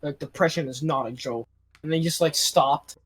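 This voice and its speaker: A man's voice: on the high side, moderate pace, a bit bright. A young man chatting on a podcast, joking along and laughing with his friends. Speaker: podcast co-host. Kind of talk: casual chat.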